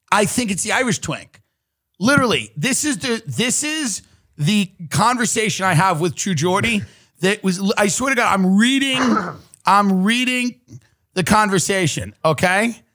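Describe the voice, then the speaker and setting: A man's voice: high voice, sharp tone. A man in his thirties hosting a podcast, chatting casually and telling stories animatedly, reading text messages aloud with laughter. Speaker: podcast host. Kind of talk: casual comedic chat.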